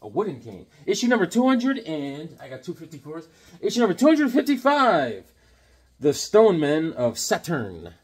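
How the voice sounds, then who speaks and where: Husky, animated joking man. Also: on the high side. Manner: rambling, joking, slips into silly voices and songs. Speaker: comic collector host. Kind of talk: casual comedic chat.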